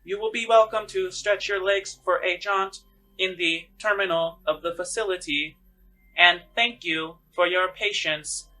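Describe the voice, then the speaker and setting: A man voicing a starship's public address announcer making a slow, formal announcement in a tabletop game. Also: high voice, fairly even intonation, sharp tone, voice pushed up, exaggerated voice, poor audio.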